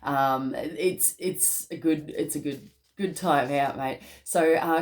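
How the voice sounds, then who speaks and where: A low-pitched Australian woman speaks slowly as she gives a tarot reading to camera. She rambles upbeat, laughs often and keeps calling listeners "mate."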